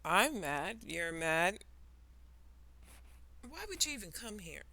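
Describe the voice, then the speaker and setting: A woman voicing a sly, grinning cat in a storybook, slow, soft and teasing. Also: medium pitch, sing-song, gravelly, no echo, heavily acted. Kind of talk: children's storybook reading.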